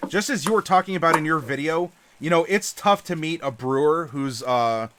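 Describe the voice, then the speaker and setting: A man's voice: fairly high pitch, animated, normal speed, fairly bright tone. A man hosting a casual live-stream chat, talkative and laughing often, with plenty of fillers. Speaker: channel host.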